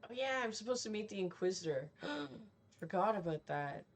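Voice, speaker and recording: A woman's voice: medium pitch, lively intonation, normal speed. A woman game streamer giving casual, candid commentary while she plays, laughing often and swearing freely.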